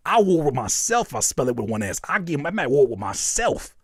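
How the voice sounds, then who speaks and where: A man's voice: a little high, very animated, fairly quick, few pauses, slightly rough. A man hosting a live music feedback stream, giving frank, profane advice and playing up joking mock outrage at the chat. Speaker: host reviewing music live.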